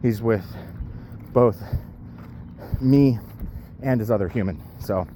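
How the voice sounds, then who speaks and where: A man's voice: medium pitch, a little slow, dark tone, a little hiss or hum. A man talking casually into his camera while walking his dog outdoors, a bit out of breath from the uphill walk and rambling with lots of fillers. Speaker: powerlifter vlogging his day.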